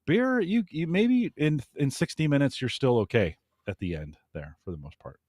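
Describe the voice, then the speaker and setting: A man's voice: medium pitch, lively intonation, normal speed, a little mellow, dry recording, studio quality. A man co-hosting a podcast who chats easily and reads out listener comments. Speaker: podcast co-host. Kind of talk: casual chat.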